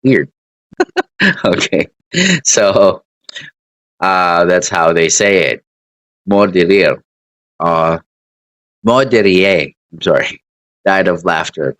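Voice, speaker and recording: Slow, low-voiced man teaching English. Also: fairly bright tone, no echo, poor audio. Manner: rambling, self-correcting, laughs at own examples. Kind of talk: casual online English lesson.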